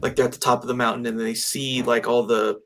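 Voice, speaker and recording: Man, casual movie talk, rambling, fillers, restarts, medium pitch. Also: flat delivery, quick pace, fairly bright tone.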